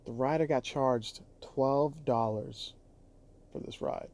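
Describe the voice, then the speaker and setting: A man's voice: mid-range voice, takes it slowly, darkish tone. Fired-up man ranting about driving. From Chicago area. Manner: heated, profane, exasperated. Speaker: rideshare driver vlogger. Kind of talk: casual ranting vlog.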